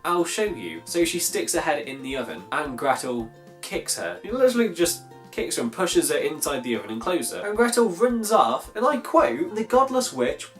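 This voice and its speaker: A sarcastic storyteller reads a grim old fairy tale aloud and keeps stopping to mock it. The voice swoops between high disbelief and low, dry asides, with swearing thrown in. Faint guitar music plays in the background. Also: big pitch swings, moderate pace. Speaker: video host.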